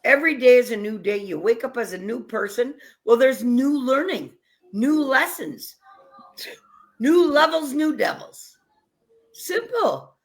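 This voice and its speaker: A woman's voice: on the high side, expressive, unhurried. Woman host, casual chat, blunt and punchy, leans on short emphatic lines.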